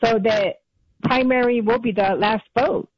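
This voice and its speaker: A woman calling in to a radio show, speaking slowly and hesitantly. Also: a little high, fairly even intonation, dry recording. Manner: slow and hesitant. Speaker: caller. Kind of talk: phone-in call. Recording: dull line with music behind.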